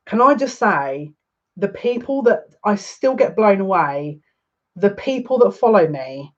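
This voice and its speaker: Chatty woman, muffled stream. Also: on the low side. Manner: chatty, emotional, responds to viewer comments. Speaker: psychic reader. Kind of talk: live-stream tarot reading.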